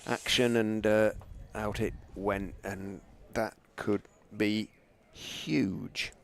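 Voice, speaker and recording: Excitable low-voiced male cricket commentator. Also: very slow, gravelly. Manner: excitable at big moments, chatty and laughing between balls. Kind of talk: live ball-by-ball commentary.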